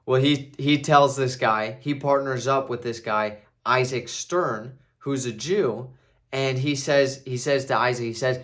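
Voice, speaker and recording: A man's voice: medium pitch, measured pace, fairly bright tone. A man talking casually as a movie reviewer, restarting phrases and tagging his points with "right?". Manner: conversational, repeats himself, tags "right?". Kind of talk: casual video commentary.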